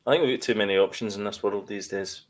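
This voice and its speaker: A man's voice: fairly low pitch, fairly even intonation, quick pace. A man co-hosting a podcast, chatting casually and rambling with restarts. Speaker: podcast co-host. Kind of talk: casual chat.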